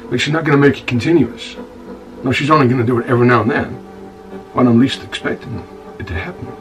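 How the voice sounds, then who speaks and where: An actor playing a rough, self-pitying bar-owner scoundrel, stammering and repeating words as he tells his woes to "son". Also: medium pitch, fast, distant mic, faint music behind, lightly acted, rough recording. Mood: aggrieved. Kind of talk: monologue in a comedy-drama web series.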